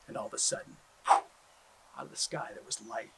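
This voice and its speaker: A man telling a traditional story aloud, animated, with drawn-out repeated phrases. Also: fairly low pitch, heavy background noise. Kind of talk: oral storytelling.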